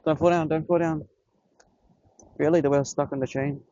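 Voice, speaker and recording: A young man, excitedly filming himself fishing on a beach, swearing and talking in slang. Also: a little high, brisk, long pauses, highs cut off, a little hiss or hum. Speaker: vlogger. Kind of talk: casual fishing vlog commentary. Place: outdoors on a beach by the water. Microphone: camera on a tripod.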